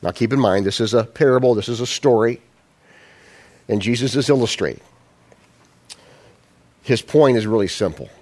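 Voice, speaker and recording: A man's voice: mid-range voice, normal speed, long pauses, a little mellow. A man preaching a sermon in a conversational style, asking the congregation rhetorical questions. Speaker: pastor.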